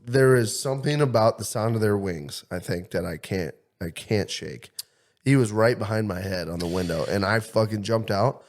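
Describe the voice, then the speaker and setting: A man co-hosting a podcast, telling a story in a profane, excitable way. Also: on the low side, moderate pace. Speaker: podcast co-host. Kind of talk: casual chat, storytelling.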